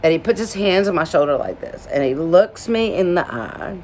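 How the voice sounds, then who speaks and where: A woman's voice: fairly low pitch, lively intonation, fairly quick, a little mellow, a little hiss or hum. A woman from Alabama casually telling a personal story to camera, emotional and rambling, with many "like" fillers.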